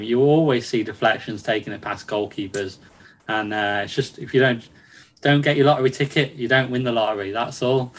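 A man's voice: medium pitch, low-quality recording. A man chatting casually about football on a podcast, with many ums and restarts and frequent laughs. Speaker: football reporter.

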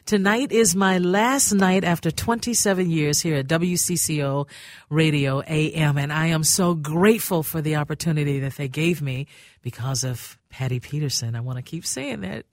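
A woman's voice: sits low, normal speed, no echo, clean studio sound. An older woman hosting a call-in radio show, affectionate with callers and calling them honey. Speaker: radio host. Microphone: studio mic.

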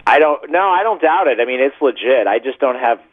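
A man's voice: mid-range voice, expressive, brisk, no echo. Male meteorologist phoning in; tinny, dry phone sound, chatty and rambling. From western Massachusetts. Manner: chatty, self-deprecating, stumbling over words. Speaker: TV meteorologist calling in. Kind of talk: casual phone-in chat.

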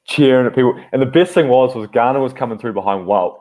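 A man's voice: mid-range voice, quick pace, darkish tone. A man co-hosting a podcast, joking and chatting loosely in fits and starts. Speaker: podcast co-host. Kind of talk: casual banter.

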